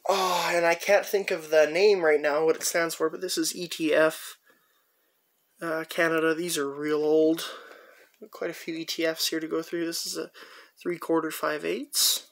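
A man casually showing his tool finds one by one, chatting in a rambling way with lots of pauses. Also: a little high, level tone, creaky, fairly bright tone. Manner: rambling, chatty, many "uh" pauses while handling tools. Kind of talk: casual show-and-tell narration.

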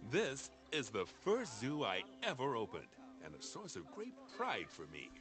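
A man's voice: mid-range voice, huge pitch swings, normal speed. An actor playing a jovial middle-aged male zoo owner who guides the player, chatty and chuckling. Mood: genial. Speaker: tutorial guide character. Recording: game music behind voice.

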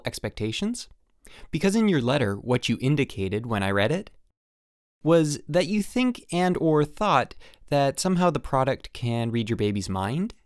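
A man narrating an audiobook in the first person as a letter, with an emphatic, animated delivery. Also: mid-range voice, dry recording, clean studio sound. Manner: animated, emphatic on the product name. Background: faint background music.

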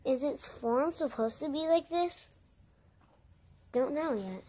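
A high-pitched woman voices a whole group of characters in a homemade story. She is brash and swears freely, and her speech comes slow and drawn out. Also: lively intonation. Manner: brash, swears often, switches between shouting and mumbling. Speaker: voice-over creator.

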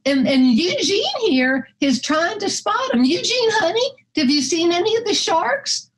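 A woman's voice: extremely high pitch, very animated, unhurried, pitched above the performer's own voice, full character voice, poor audio. A woman voicing a fussy, protective older wife who scolds and calls people honey. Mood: fretful. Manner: bossy, scolding, fond of "honey".

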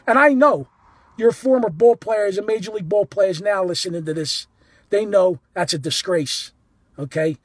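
A man telling a heated story about a ballgame as a fan, animated and indignant, cursing and repeating himself. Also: high-pitched, normal speed, slightly rough, dry recording. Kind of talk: heated first-person storytelling.

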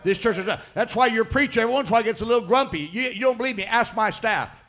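Fiery high-voiced preacher with gravelly edge. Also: male voice, racing. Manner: fiery, shouting and dropping low by turns. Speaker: pastor. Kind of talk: sermon.

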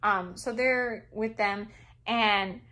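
A woman's voice: mid-range voice, very slow. A young woman casually reviewing a book, chatty and opinionated, with plenty of fillers. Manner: expressive, opinionated.

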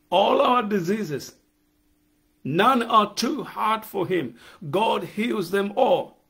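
A man's voice: sits high, creaky, a bit bright. A male pastor preaching a sermon, emphatic, repeating key phrases and putting questions to the listeners.

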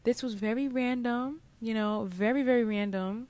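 A woman's voice: a little high, normal speed, no echo. A young woman giving casual, slangy commentary while she plays a life-sim game, talking to her viewers. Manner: chatty, slangy, talks to her viewers while playing, bursts of excitement. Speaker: gaming channel host. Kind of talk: casual Let's Play commentary.

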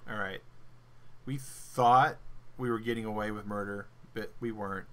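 A man's voice: on the low side, fairly even intonation, normal speed, fairly bright tone. A man hosting a gaming channel, joking and talking to himself as he plays, counting and planning aloud. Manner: jokey self-talk, thinks and counts aloud. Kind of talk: casual gameplay commentary.

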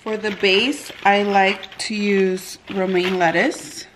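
Slow, easygoing woman narrating her cooking. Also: mid-range voice. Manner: relaxed, talks through each step as she works. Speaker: cooking vlogger. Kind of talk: casual step-by-step cooking narration. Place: home kitchen. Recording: kitchen noise with clicks and clatter.

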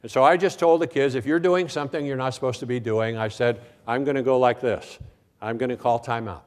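An older man addressing a conference audience, recounting his years in the classroom in a relaxed storytelling way. His pitch sits in an ordinary middle range, and he slips into quoted voices of students and himself as he goes. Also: a little fast. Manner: storytelling, acts out quoted voices, frequent "okay, now". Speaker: speaker at a conference. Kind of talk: keynote talk with anecdotes.

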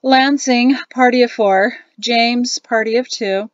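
A woman's voice: mid-range voice, lively intonation, moderate pace, no room sound, lo-fi sound, close to an everyday voice. A woman voicing a bored, condescending older doorman who intones his words, in a storybook reading. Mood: bored haughty.

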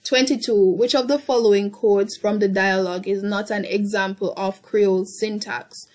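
A woman's voice: mid-range voice, steady tone, moderate pace, few pauses, a little mellow. A young woman tutoring through an exam paper, thinking aloud with frequent ums and self-corrections. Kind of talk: casual past-paper walkthrough.

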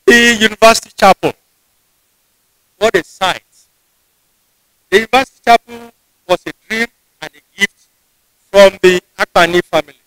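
A man with a Nigerian English accent delivers a formal ceremonial address, pitched high for a man. He speaks in a measured, deliberate way and often restarts a phrase mid-sentence. The sound is dry and close, with little room echo. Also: a bit bright, clear, resonant tone. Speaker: university official giving a convocation address. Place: ceremony venue.

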